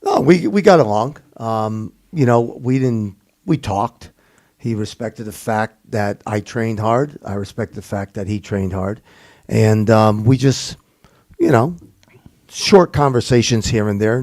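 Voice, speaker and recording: A middle-aged man with a gravelly voice, co-hosting a casual chat, who repeats each question before he answers it. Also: fairly low pitch, a little mellow. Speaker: co-host, former wrestler.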